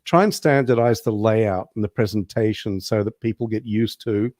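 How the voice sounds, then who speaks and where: Low-voiced man explaining business systems. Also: normal speed, a little mellow, no echo, clean studio sound. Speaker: guest. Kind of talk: casual online show interview.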